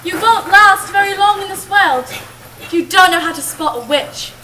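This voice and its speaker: A woman playing an old grandmother in an amateur stage play, telling scary witch stories in a slow, dramatic way. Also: very high-pitched, expressive, pushed and bright, heavily acted. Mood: ominous. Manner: slow, dramatic storytelling with emphatic drawn-out words. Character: old grandmother warning of witches, storytelling, doting. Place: camp stage, audience hall. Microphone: far camera in the audience. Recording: distant camera, faint hiss.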